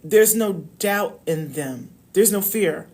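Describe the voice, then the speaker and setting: A woman's voice: mid-range voice, animated, slow pace, darkish tone. A woman coaching on love, talking casually and emphatically to viewers on a live stream. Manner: emphatic, preachy, addresses viewers as y'all.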